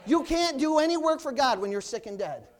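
A male pastor preaching a loud, fiery sermon in church, punctuated with hallelujahs. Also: extremely high pitch, expressive, fairly quick, some chatter behind.

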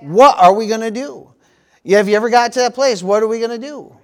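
A man's voice: very high-pitched, brisk. A middle-aged man from the United States preaching a sermon as pastor, peppering his talk with "praise the Lord" and "amen.".

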